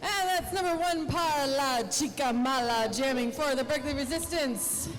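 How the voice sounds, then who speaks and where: Brief: woman derby commentator, high voice, lively chatter, crowd noise of the venue behind. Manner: chatty, quick to quip. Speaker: roller derby co-announcer. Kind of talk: live sports commentary.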